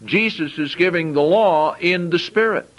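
A man's voice: a little high, normal speed, a bit bright, rough recording. A man preaching a sermon. He reads scripture aloud and explains it in plain, conversational asides, often repeating and restarting phrases.

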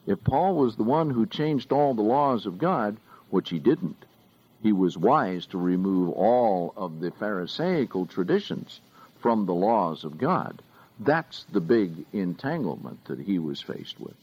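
A man preaching a sermon, reading scripture aloud slowly and with deliberate emphasis. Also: lowish voice, sing-song, darkish tone, slightly rough, highs cut off.

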